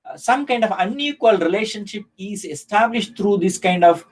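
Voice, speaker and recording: A man teaches poetry in a live online session. His voice sits a little high, and he works through each point slowly with many "uh"s and restarts. The delivery is patient and explanatory. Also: animated. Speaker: professor.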